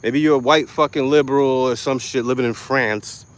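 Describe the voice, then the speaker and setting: A young man from New York City rants into the camera as an online commentator. His talk is blunt, aggressive and full of street slang and swearing. His voice sits at an everyday middle pitch. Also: fairly even intonation, moderate pace. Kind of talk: ranting commentary.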